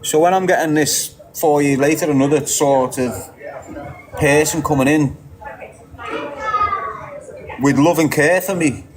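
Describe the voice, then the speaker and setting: A man's voice: fairly high pitch, unhurried, pauses often, crowd noise, rough recording. Blunt sweary middle-aged Liverpool man. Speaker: channel host answering viewers. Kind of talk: candid casual monologue.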